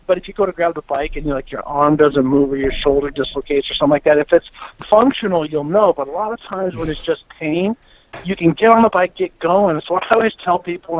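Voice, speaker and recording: A man hosting a casual chat, telling animated stories and swearing freely. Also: on the high side, no echo, narrow, tinny audio. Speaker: podcast host, former racer.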